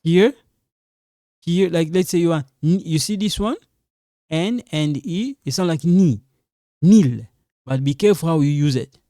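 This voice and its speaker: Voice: medium pitch, moderate pace, mellow, no echo, studio quality. A French teacher giving a pronunciation lesson in non-native English, repeating sounds, checking in with "okay?" and warning the learners to be careful. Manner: warns students again and again to be careful.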